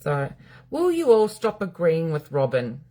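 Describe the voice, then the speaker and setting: A middle-aged Australian woman, a psychic medium, hosts a live stream from home, answering viewers' comments in a casual, blunt chat full of swearing. Her voice is deep and dark-toned, her pitch swoops wildly, and her pace stays measured.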